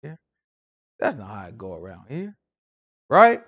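A man leading an informal Bible study, animated and preachy with a slangy, conversational way of talking. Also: medium pitch, a little slow, lo-fi sound. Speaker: Bible teacher.

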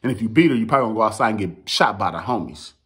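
Excitable man with a lively voice. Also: lowish voice, racing. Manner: excitable and rambling, slangy. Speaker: battle rap commentator. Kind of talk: casual hype commentary.

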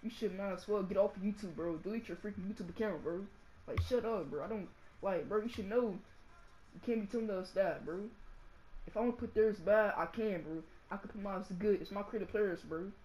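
A male gaming channel host giving casual gameplay commentary and ranting, saying "bro" and "y'all" constantly and swinging from mumbles to shouts. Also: high-pitched, brisk, slight background noise. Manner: slangy, fills nearly every phrase with "bro" and "y'all".

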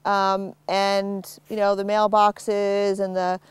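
A middle-aged woman dog trainer explaining basic commands in a relaxed, instructional way while working with a dog. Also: slow pace, smooth. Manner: relaxed explaining, cheerful high praise to the dog. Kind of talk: instructional demonstration.

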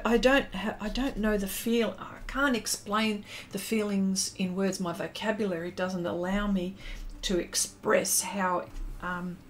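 A woman's voice: mid-range voice, a bit bright, a little hiss or hum. A middle-aged Australian woman hosting a live art stream, chatting casually and reading out viewers' comments while she paints, with many fillers and restarts. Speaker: livestream art host.

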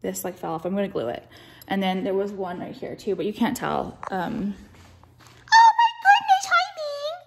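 A young woman vlogging casually at home on a phone camera, swearing often and talking in quick, restarting bursts full of "like". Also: lowish voice, creaky, darkish tone, a little hiss or hum. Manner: chatty, profane, full of "like" and restarts. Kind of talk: casual vlog chat. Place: at home, walking through rooms.

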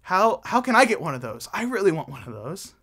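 A man's voice: high voice, sing-song, fairly quick, a bit bright, heavily acted. A man voicing an anxious male semi-truck in a kids' church story, worried and full of questions. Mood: curious.

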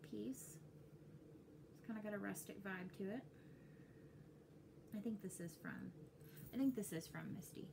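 A young Texan woman talks to her camera in a loose, rambling way, skipping from one thought to the next. Her pitch sits right in the middle of the usual range, and a faint hum of room ambience stays underneath her voice. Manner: chatty, rambling, excitable. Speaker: cross-stitch vlogger. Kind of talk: casual chat to camera.

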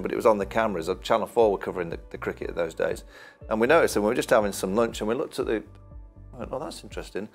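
A middle-aged man from England, a former cricketer, telling animated anecdotes in casual chat and laughing often. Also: mid-range voice. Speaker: cricket pundit, former player.

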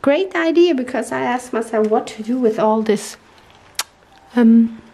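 Slow-talking woman, gushing and teary. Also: fairly high pitch, level tone, mellow, poor audio. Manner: gushing, searching for English words. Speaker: papercraft vlogger. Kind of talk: casual unboxing chat. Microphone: tablet microphone.

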